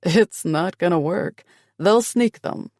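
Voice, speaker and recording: A rugged, passionate young man talks in a low, gravelly murmur, as a male narrator plays him. He speaks slowly and close to the ear. It is a romance audiobook with a dry, close recording. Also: darkish tone, dry recording. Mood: amused.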